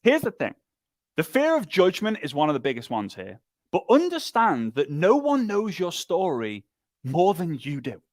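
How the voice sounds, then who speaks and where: An energetic man delivers a motivational business talk, pressing his points through repetition and quick impressions. His voice sits somewhat high for a man. The sound is dry and close. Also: dry recording. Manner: energetic, emphatic, lively, with repetition and mimicry. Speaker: speaker and business trainer.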